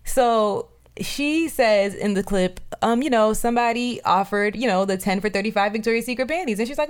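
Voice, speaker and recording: A young woman co-hosting a podcast in casual chat, telling stories with animated laughter and swearing. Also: a little high, moderate pace. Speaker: podcast co-host.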